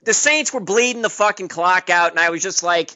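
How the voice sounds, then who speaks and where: A man calling in to a sports radio show, ranting angrily and swearing without pause. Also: sits high, bright, forceful tone. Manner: profane, combative, repetitive ranting. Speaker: caller. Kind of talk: angry sports radio rant. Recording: dull lo-fi radio audio.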